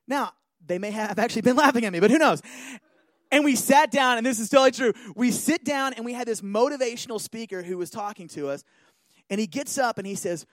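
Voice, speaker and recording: A man giving an animated talk, telling a personal story and often checking in with listeners. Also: extremely high pitch, brisk, no room sound. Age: adult.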